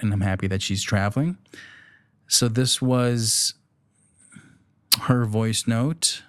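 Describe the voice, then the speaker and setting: A man in his thirties from the United Arab Emirates hosts a casual solo podcast, rambling, chuckling and correcting himself. His voice is fairly low-pitched, with no room sound.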